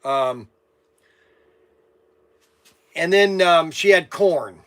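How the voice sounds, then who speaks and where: A man with a notably high speaking voice talks straight to camera in a loose, meandering monologue. He drifts from one complaint to the next and grumbles as he goes, the way a hobby channel host chats with his regulars. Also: animated, drawn-out words, a bit bright, clear, resonant tone. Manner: meandering storyteller, grumbling asides. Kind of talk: casual rambling monologue to camera.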